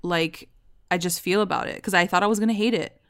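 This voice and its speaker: A woman co-hosting a casual recap chat, who chimes in eagerly with agreement and quick quotes from the characters. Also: lowish voice, fairly bright tone, dry recording, studio quality. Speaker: podcast co-host.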